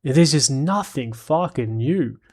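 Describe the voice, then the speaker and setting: A man's voice: medium pitch, lively intonation, slow pace, darkish tone, slightly rough. A man streaming live, reading chat comments aloud and giving blunt, profane opinions in casual chat.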